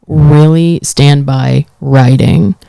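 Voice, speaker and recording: A woman's voice: low voice, fairly even intonation, drawn-out words, vocal fry, mellow, no room sound, clean studio sound. A woman, a comedian co-hosting a podcast, talking in an effusive, casual way and laughing often.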